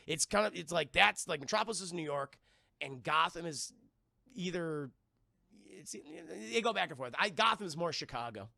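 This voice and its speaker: Gravelly, profane streamer man. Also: on the high side, normal speed, dry recording, clean studio sound. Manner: profane, animated recapping. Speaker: streamer and film reviewer. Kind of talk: casual live-stream chat.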